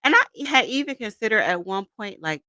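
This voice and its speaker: A woman's voice: medium pitch, expressive, brisk, bright, forceful tone, no room sound. A woman in her thirties hosting a casual livestream, greeting viewers by name and laughing often as she chats. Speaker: livestream host.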